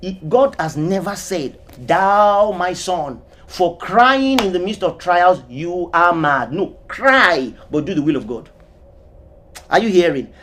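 A man preaching a sermon, with emphatic, sweeping swings of pitch, rhetorical questions, and scripture quotes stretched out slowly. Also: animated, a bit bright, a little hiss or hum. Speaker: pastor.

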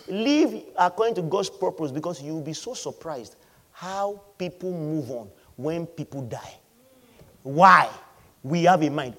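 A pastor preaching a sermon, calling on the congregation to answer back, swinging between loud exclamations and quiet asides. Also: male voice, a little high. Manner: calls for congregation responses.

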